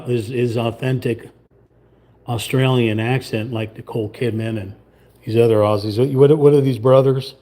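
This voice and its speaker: Brief: livestream host, man, mellow tone, casual rambling chat at his painting table. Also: mid-range voice. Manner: rambling, chatty, trails off into muttering.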